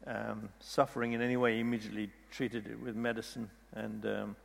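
A man's voice: lowish voice, flat delivery, a little fast, creaky, big-room sound. A man telling a long story to listeners, often restarting and repeating words as he goes. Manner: rambling storyteller with frequent restarts. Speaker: speaker retelling a story from a book. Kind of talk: storytelling talk.

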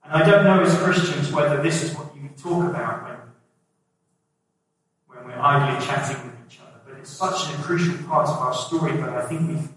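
A man's voice: medium pitch, moderate pace, a bit bright. A middle-aged man preaching a sermon in a conversational way, putting questions to the congregation. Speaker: pastor. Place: church hall. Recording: echoey hall, voice from a distance.

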